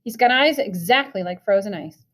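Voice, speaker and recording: A woman's voice: mid-range voice, expressive, a little fast, close to an everyday voice. A woman voicing a hurt, bitter teenage boy in a storybook reading, blurting out his feelings.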